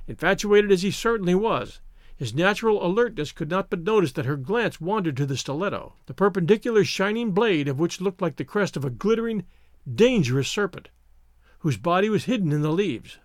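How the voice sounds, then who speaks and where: A man narrates a story in an expressive, measured way. His voice is high and moves a lot in pitch. The recording is dry and close to the mic. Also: no room sound. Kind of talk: audiobook narration.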